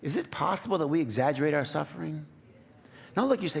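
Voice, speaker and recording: Male pastor, conversational sermon with playful asides, voice a touch high. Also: big pitch swings, fairly quick, vocal fry, a bit bright. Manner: conversational, playful, asks the congregation questions. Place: church sanctuary.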